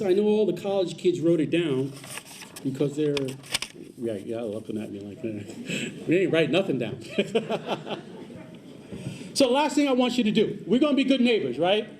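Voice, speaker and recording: Animated man giving a community speech. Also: medium pitch, a little hiss or hum. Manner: lively, joking asides to the audience, repeats key points. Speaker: guest speaker at a community celebration. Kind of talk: public speech with personal storytelling.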